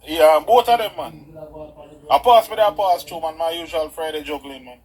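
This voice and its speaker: A man with a Jamaican accent calling into a talk show, quick, lively and chatty. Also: a little high, low-quality recording. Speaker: caller. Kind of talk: call-in talk radio chat.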